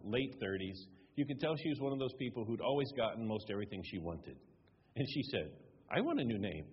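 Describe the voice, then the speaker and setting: A man's voice: medium pitch, husky. A man preaching a sermon as pastor, telling stories in a conversational way and acting out the dialogue. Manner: conversational, retelling dialogue with varied emphasis. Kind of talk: sermon with storytelling. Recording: dull sound with long hall reverb.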